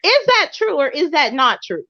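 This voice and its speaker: A woman's voice: sits high, sing-song, moderate pace, bright, forceful tone, dry recording, heavily acted. A woman playing a prim, apologetic interviewer with a Memphis Southern accent in a comedic mock interview. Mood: polite. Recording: dull lo-fi recording.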